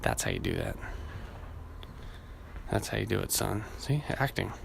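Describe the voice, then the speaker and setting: A man's voice: lowish voice, huge pitch swings, a little slow, vocal fry, slight background noise. A man hosting a podcast alone, rambling casually and cursing freely, laughing at his own stories while hot and sweaty. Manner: profane, rambling, laughs at himself. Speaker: podcast host. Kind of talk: casual solo podcast rant.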